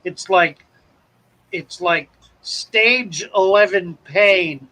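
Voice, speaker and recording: A man's voice: high voice, takes it slowly, long pauses, sharp tone, low-quality recording. A man hosting a casual livestream, greeting viewers by name and rambling with self-deprecating jokes. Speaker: livestream host. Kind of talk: casual chat reading viewer comments.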